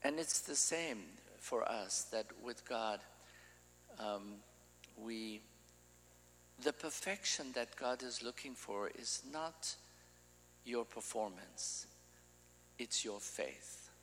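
A man's voice: medium pitch, lively intonation, slow pace, pauses often, a bit bright, in a large hall, a little hiss or hum, low-quality recording. A man preaching an informal sermon, talking in a loose, conversational way and often restarting his sentences.

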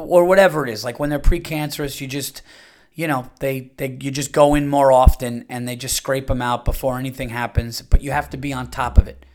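A man, under fifty, hosting a podcast in a casual monologue, blunt and crude, rambling with many fillers. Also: medium pitch. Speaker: podcast host.

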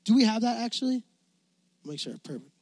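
A man preaching a sermon as youth pastor, impassioned and climbing toward near shouting. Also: very high-pitched, very animated, brisk, no room sound.

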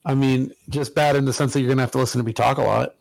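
A man's voice: medium pitch, steady tone, racing, creaky, dry recording, rough recording. A man co-hosting a casual video game podcast, sarcastic and profane, stretching out words for emphasis. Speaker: podcast co-host.

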